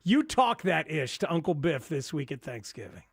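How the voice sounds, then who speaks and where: A man hosting a sports talk radio show, chatting excitedly about football and taking calls. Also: on the high side, moderate pace, breathy edge, no echo, studio quality.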